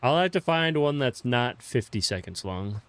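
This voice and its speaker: Young male streamer, easygoing and talkative, average pitch, dry room. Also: expressive, moderate pace, clean tone, dry recording. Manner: laid-back, swears casually, greets viewers by name. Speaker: game streamer. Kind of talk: casual live-stream chat while playing.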